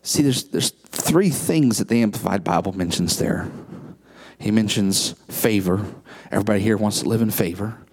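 A pastor with a low, slightly rough voice preaches at a moderate pace, asking impassioned rhetorical questions and alternating between hushed asides and shouted peaks.

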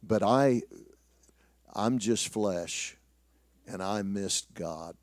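A middle-aged man preaching, telling a personal story in a self-deprecating way with many restarts, sometimes dropping to a hushed voice. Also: fairly low pitch, takes it slowly, no room sound. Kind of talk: sermon storytelling.

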